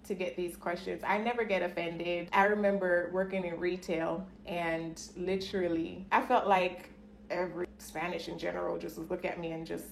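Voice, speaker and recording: A woman's voice: lowish voice, level tone, moderate pace, creaky. A woman telling personal stories to camera in a casual vlog, chatty, laughing often and acting out the voices of people she quotes. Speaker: vlogger. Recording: echoey room with faint ambient noise.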